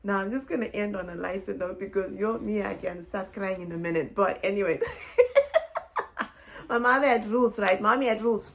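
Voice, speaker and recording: A woman's voice: mid-range voice, moderate pace, gravelly, fairly bright tone. A middle-aged woman from Zimbabwe, telling heartfelt family stories to camera, repeating phrases and often laughing or tearing up. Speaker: vlogger. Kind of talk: personal storytelling to camera.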